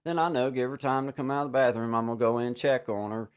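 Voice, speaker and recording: A man hosting a casual livestream chat over a video call, rambling with many restarts and fillers and giving warm shout-outs to viewers. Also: mid-range voice, steady tone, fast talker, smooth. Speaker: livestream host.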